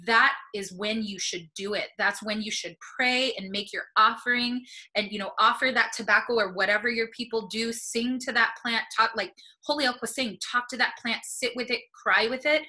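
A woman's voice: fairly high pitch, moderate pace, pushed and bright, poor audio. A woman speaking earnestly and encouragingly on a video call webinar, getting emotional as she talks. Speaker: panelist on plant medicine. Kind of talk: webinar talk.

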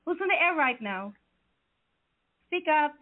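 A woman's voice: high-pitched, expressive, a little slow. A woman hosting a Christian call-in talk show, chatty, repeating words and using many fillers. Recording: tinny phone line with faint hiss.

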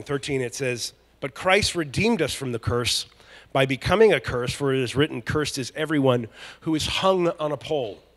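A male pastor preaching a conversational, joking sermon that builds to loud emphatic peaks. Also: mid-range voice. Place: large church hall. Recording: long church hall reverb.

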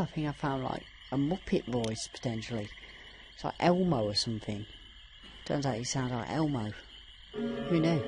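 Deep-voiced woman chatting through a game. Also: expressive, normal speed, over music. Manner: chatty, rambling, with many fillers. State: voice strained. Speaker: gameplay commentator. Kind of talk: casual playthrough commentary.

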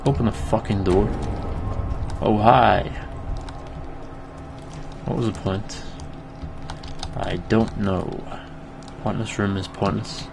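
A young man commentating his own gameplay, swearing freely and shouting at enemies as he plays. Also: lowish voice, slow pace, gravelly, long pauses, music in the background. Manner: sweary, excitable, talks to enemies. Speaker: let's play gamer. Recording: noisy home mic recording.

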